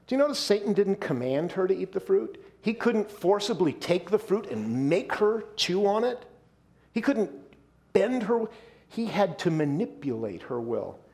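A male pastor delivering a sermon, emphatic, slowing down and dropping his voice to stress key points. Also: high-pitched, big pitch swings, gravelly, darkish tone.

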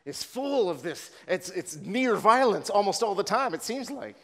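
A man preaching in a big, echoing hall, his voice sitting a touch high for a man. He talks earnestly, stumbling over repeated words as he builds his point. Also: big pitch swings, moderate pace, fairly bright tone. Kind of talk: sermon. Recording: long reverb of a large room.

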